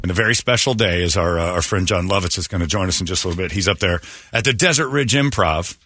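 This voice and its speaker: A man hosting a morning radio show, chatting and joking in a loose, animated way. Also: low voice, fast, loud music behind the voice. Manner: animated, jokey, exclamatory. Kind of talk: casual radio banter.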